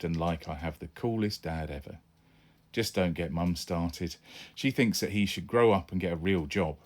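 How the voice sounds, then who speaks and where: A man reading his own children's adventure book aloud, narrating chattily in the first person as a young boy. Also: deep voice.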